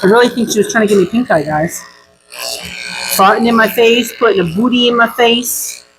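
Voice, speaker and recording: A woman dog groomer chatting casually while she works, telling stories with sudden high exclamations. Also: fairly quick, over music, low-quality recording. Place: grooming salon.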